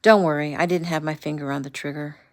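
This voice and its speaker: A sassy, teasing young woman from a read-aloud novel, quick to needle and sure of herself with a gun, as a woman reader puts her on. The voice sits a little low and stays close to the reader's own. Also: steady tone, natural voice. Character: spirited young woman, a gun-savvy rancher's daughter.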